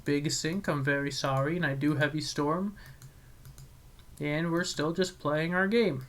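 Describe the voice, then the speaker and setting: A young man with a slightly higher voice talks through his card game play by play. He is chatty and excitable, second-guesses his moves, and stumbles over restarts as he thinks aloud. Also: measured pace. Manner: excitable, self-critical, chatty with frequent restarts. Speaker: channel host commentating his own card game. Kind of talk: casual play-by-play commentary.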